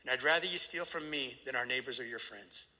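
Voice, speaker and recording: A man's voice: medium pitch, fairly quick, pushed and bright. A middle-aged man telling his recovery story to a live audience, acting out the voices of the people in it and asking "right?" after each turn. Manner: storytelling, acts out quoted voices, tag question "right?". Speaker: recovery meeting speaker. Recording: echoey hall.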